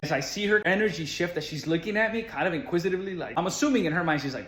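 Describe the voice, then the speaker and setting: A man's voice: high-pitched, very fast, hardly any pauses, fairly bright tone. A man who works as school support staff, telling a personal story in an earnest, conversational way with casual fillers. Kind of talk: storytelling monologue. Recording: roomy echo.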